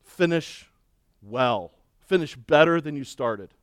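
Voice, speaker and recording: Male pastor, middle-aged, high voice, dry close sound, animated storytelling sermon. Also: slow, dry recording. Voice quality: balding. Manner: animated storytelling, acts out shouting and cheering.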